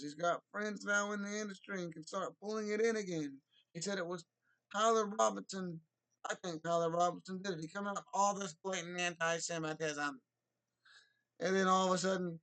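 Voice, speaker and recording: A man giving rambling solo commentary, restarting sentences and breaking into loud mocking impressions. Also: sits high.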